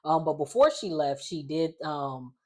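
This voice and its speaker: A woman's voice: sits low, unhurried. A woman recapping a reality show in a casual, chatty vlog, leaning on "like" constantly. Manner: chatty, heavy use of "like", animated quoted voices. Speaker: recap vlogger.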